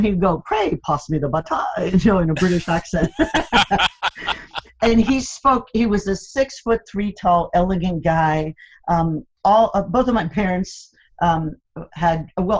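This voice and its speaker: Older woman, interview guest, low-pitched, laughing anecdotal delivery, muffled lo-fi sound. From United States, Cuban American family. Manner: laughs often, animated storytelling with playful teasing. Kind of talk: candid conversational interview.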